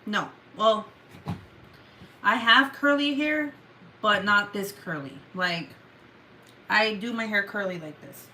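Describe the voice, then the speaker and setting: Bright-voiced woman with a Mexican Spanish accent. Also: mid-range voice, slow, long pauses, a little hiss or hum, rough recording. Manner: chatty and profane, full of "like" and "um". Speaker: livestream host. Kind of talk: casual livestream chat, reading viewer comments.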